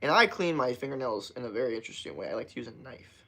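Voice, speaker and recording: A young man streaming live and talking straight to his chat in a loose, rambling way, with swearing in nearly every sentence. His voice sits at an ordinary middle pitch for a man. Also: expressive, fast, gravelly, bright, forceful tone, slightly rough. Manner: loose, rambling and heavily profane. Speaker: livestreamer. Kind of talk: casual livestream chat to viewers.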